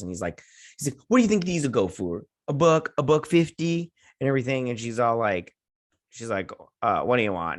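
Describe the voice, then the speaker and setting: A man reviews a TV episode in a loose, rambling recap, full of sarcasm and throwaway asides. His pitch swings widely and animatedly from phrase to phrase. The recording is dry and close, with no room sound. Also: fairly bright tone, no echo. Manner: rambling, sarcastic, paraphrases characters with "and everything". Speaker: show reviewer.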